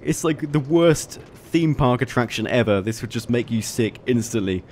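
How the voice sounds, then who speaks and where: Man, mid-pitched voice, casual gameplay commentary, chatty, excitable, laughs often. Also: normal speed, slight background noise. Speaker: YouTube gaming host.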